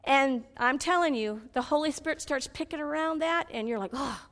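A woman preaching a sermon, swinging between loud pleading cries and low confiding asides. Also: moderate pace, long reverb tail.

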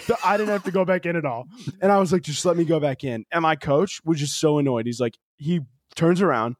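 Young man, podcast co-host, casual storytelling, slightly high voice, dry sound. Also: fairly quick, no echo. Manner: animated storyteller, heavy "like" fillers, swears freely.

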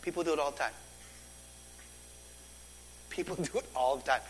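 Male pastor, high voice, animated sermon, long reverb from the sanctuary. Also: moderate pace, breathy edge. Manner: animated preaching, acts out quoted dialogue. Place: church sanctuary. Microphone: stage microphone on stand.

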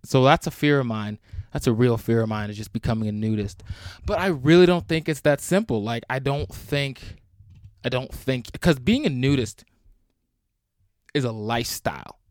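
A man's voice: medium pitch, no echo, studio quality. A young man hosting a solo podcast, talking in a rambling, crude and jokey way. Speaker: podcast host. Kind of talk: solo casual chat.

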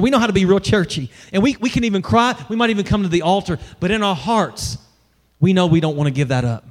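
A man's voice: high voice, expressive, quick pace. A middle-aged male pastor preaching a sermon in a conversational way, asking the congregation questions as he reads scripture.

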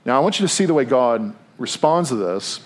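A pastor giving a conversational sermon to a room, acting out quotes in a lively, expressive way. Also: male voice, brisk. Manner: animated, acts out quotes with big pitch jumps. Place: church room with audience.

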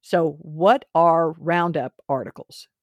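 A woman with a low voice hosts a podcast interview, sounding close to the mic in a dry recording. She encourages her guest and keeps the talk moving with follow-up questions. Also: takes it slowly, no room sound. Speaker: podcast host.

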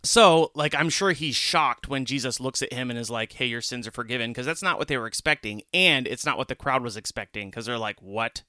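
Bright-voiced man discussing scripture. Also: mid-range voice, fairly quick, few pauses, dry recording, studio quality. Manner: earnest, animated when retelling scenes. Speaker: podcast co-host. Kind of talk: casual Bible study discussion.

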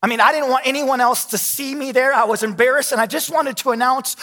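A man's voice: very high-pitched, quick pace, hardly any pauses, bright, forceful tone, in a large hall. A man in his thirties, a pastor, preaching a sermon with candid, self-deprecating storytelling.

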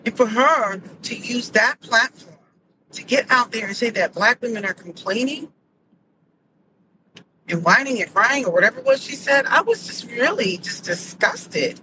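A woman's voice: on the high side, lively intonation, unhurried. A middle-aged woman hosting a podcast, giving casual, emphatic commentary and telling stories with plain indignation. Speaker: podcast host. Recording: noticeable background noise.

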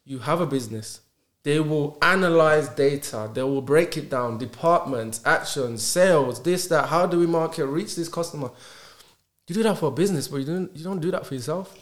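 A man, a podcast guest talking in animated casual conversation and stacking rhetorical questions. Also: on the high side, normal speed. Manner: emphatic, rhetorical questions, acts out dialogues.

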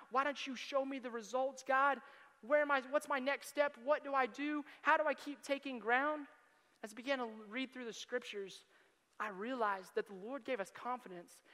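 A young adult man preaching as a youth pastor, telling stories with animation and bursting into loud excited quotes. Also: very high-pitched. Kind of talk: sermon. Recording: long hall reverb.

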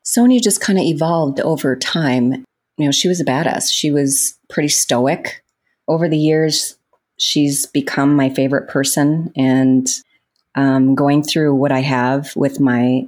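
A woman in an interview, telling stories with lots of laughter and acting out what people said. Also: very deep voice. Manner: animated storyteller, laughs often, acts out quotes. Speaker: interview guest, actress. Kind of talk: casual storytelling in an interview.

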